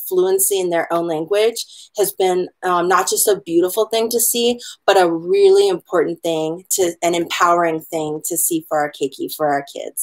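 A woman from Hawaii teaching an online hula class, explaining pronunciation in a chatty, encouraging way and slowing down to spell words out letter by letter. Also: on the low side. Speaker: hula instructor.

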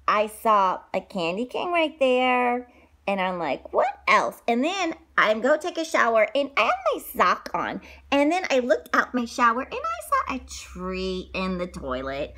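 A woman telling a children's story in a playful, animated way, full of exaggerated wonder. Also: a little high.

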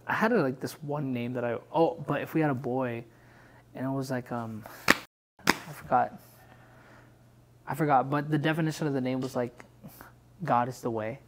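A young man co-hosting a casual podcast, chatty and relaxed, often laughing. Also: mid-range voice, moderate pace, long pauses, noisy background. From Pacific islands heritage, Filipino. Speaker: podcast co-host. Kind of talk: casual chat.

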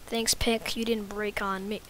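A woman's voice: mid-range voice, level tone, a little slow, fairly bright tone, a little hiss or hum. A woman giving casual, rambling, self-mocking commentary while playing a video game. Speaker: gaming YouTuber.

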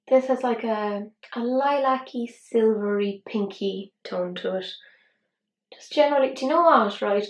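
An Irish woman in her thirties chatting casually through a makeup tutorial, self-mocking and quick with soft asides. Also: on the high side, echoey room, rough recording. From Ireland. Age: 30s. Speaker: beauty vlogger.

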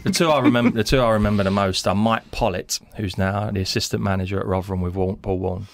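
A man, a former footballer, telling animated anecdotes on a podcast and acting out the people he quotes. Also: lowish voice, fast, gravelly, no echo. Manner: animated storyteller, acts out quotes, laughs mid-story. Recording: dry close mic in small studio.

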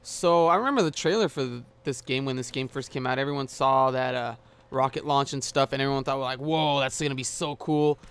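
A man's voice: mid-range voice, brisk, few pauses, fairly bright tone, a little hiss or hum. A man giving casual gameplay commentary as a gaming YouTuber, rambling with many filler sounds and swearing at the game, recorded on a headset mic.

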